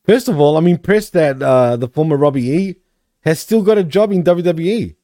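A man's voice: on the high side, expressive, normal speed, dark tone, dry recording, studio quality. A man co-hosting a casual wrestling podcast, blunt and exasperated, laughing often as he talks. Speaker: podcast co-host.

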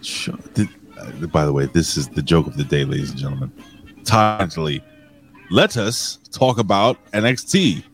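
A man co-hosting a casual podcast, joking loudly and giving shout-outs to viewers in the chat. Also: sits low, animated, normal speed, soft background music. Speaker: co-host.

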